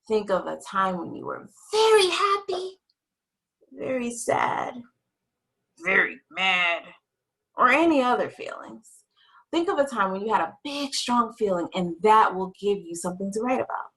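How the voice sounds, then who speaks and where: Animated woman teaching young children. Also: medium pitch, low-quality recording. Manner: slow, expressive, sing-song teacher voice.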